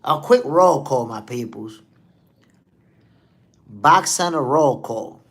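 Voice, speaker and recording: A man's voice: medium pitch, animated, takes it slowly, a bit bright. Laid-back New man hosting a stream. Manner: laid-back, slangy, reads viewer comments aloud. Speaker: host. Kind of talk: casual live-stream chat.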